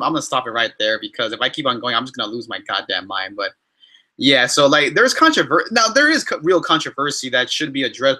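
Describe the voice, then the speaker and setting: Young guy ranting in his q&a vlog, bright tense voice, keeps restarting sentences, super exasperated. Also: mid-range voice. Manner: animated, exasperated, many restarts and filler words. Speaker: YouTuber answering fan questions. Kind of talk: casual Q&A vlog rant.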